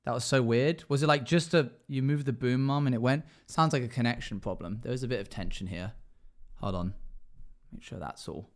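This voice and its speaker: In a mid-range voice and at a slightly quick pace, a man hosts a live dungeon master stream. He reacts to chat messages in a rambling, emotional way, keeping the talk casual.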